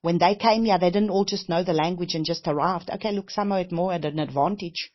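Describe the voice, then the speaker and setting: A woman's voice: fairly low pitch, a little fast. Earnest woman preaching, dull lo-fi sound. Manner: heartfelt, conversational, many repeated phrases and "you know". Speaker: minister. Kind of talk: testimony-style sermon. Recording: dull lo-fi recording.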